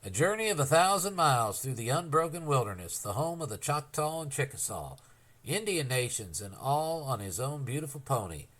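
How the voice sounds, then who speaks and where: A man with a mid-range voice reads a novel aloud as an audiobook at normal speed. His scripted narration is expressive, in a storytelling style.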